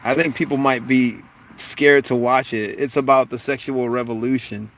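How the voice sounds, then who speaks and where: A man's voice: steady tone, moderate pace, fairly bright tone, dry recording. A man in his forties chatting casually on a livestream, laughing often and joking about doing accents. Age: 40s. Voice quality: voice not very deep. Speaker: livestream host. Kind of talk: casual livestream chat reading comments.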